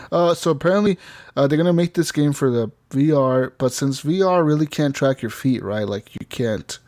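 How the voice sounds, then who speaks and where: A man's voice: on the high side, a little mellow. A man hosting a gaming podcast, chatting casually, rambling with frequent laughs and swearing. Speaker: podcast host.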